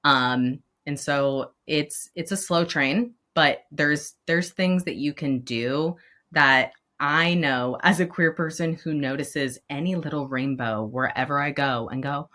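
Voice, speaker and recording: Speaking in a low, unhurried voice, this woman is a school counselor guesting on a frank podcast conversation. She laughs a lot, stays expressive, and occasionally becomes emotional.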